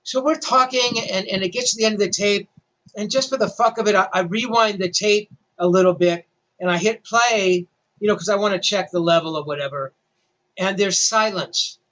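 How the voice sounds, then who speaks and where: A man's voice: sits high, normal speed, sharp tone, highs cut off. Older man telling a story, self-deprecating. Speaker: rock journalist. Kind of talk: storytelling interview.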